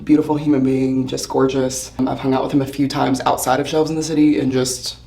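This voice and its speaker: A woman vlogging casually while getting ready in a hotel bathroom, her voice hoarse from shouting, chatty and rambling with frequent laughs. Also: extremely low pitch, little pitch movement, fairly quick, slight background noise. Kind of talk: casual chat to camera.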